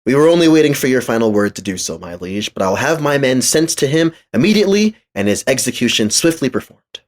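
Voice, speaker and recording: A man's voice: mid-range voice, very animated, brisk, lightly acted. A man voicing a hesitant, deferential servant in a comedic audio drama. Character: nervous male servant to a senator.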